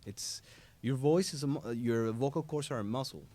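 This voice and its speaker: A man, a voice actor, chatting as a guest on a podcast in a studio, a little congested, talking in an animated way and slipping into quoted voices. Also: medium pitch, a little fast. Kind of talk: casual interview chat. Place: podcast studio in a hobby shop.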